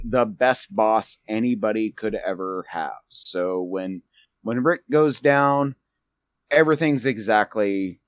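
A man's voice: on the low side, dry recording, studio quality. A man narrating as game master of a tabletop role-playing game, rambling with restarts. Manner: rambling, many fillers and restarts.

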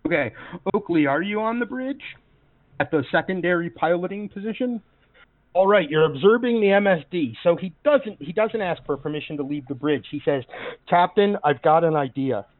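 A man's voice: sits high, expressive, brisk, dry recording. A man running a tabletop game as game master, narrating in a chatty way with many fillers. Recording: dry, phone-like voice call audio.

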